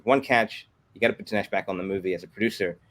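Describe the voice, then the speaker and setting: A man with a lowish voice talks quickly and eagerly in a casual interview. He tells long anecdotes and slips into the voices of the people he quotes. It is relaxed conversation, not a script. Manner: fast, animated anecdotes with acted-out quotes. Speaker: guest, comics company executive.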